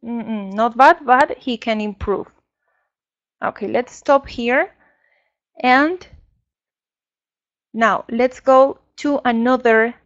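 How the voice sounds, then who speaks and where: Woman trainer, Spanish native, higher voice, slow and careful, dull lo-fi sound. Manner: slow, explanatory, with frequent fillers. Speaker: English teacher trainer. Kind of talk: online teacher training lecture.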